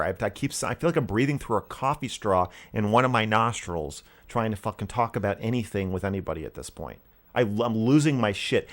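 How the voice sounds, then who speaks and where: Man, low voice, exasperated rant, swears a lot, loud bursts then quiet, call-in host. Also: fairly quick. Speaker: streamer hosting a call-in show. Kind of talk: casual live-stream call.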